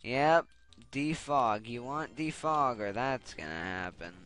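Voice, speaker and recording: A man's voice: mid-range voice, lively intonation, takes it slowly, a bit bright. A young man giving casual gameplay commentary, getting frustrated and swearing as he rants. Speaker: Let's Play commentator. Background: game music.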